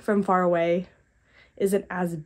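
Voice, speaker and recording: A young woman with a stuffy head cold, chatting casually to her vlog audience from a quiet house and rambling as she thinks aloud. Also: fairly low pitch, little pitch movement, slow pace. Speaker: vlogger and mother. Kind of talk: casual vlog talk to camera.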